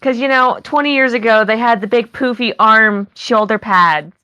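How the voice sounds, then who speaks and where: A woman's voice: on the high side, normal speed, bright, forceful tone, smooth, no room sound, muffled recording. A woman voicing a shallow, gushing young valley girl with a Valley Girl accent and a stretched-out drawl. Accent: Californian Valley Girl.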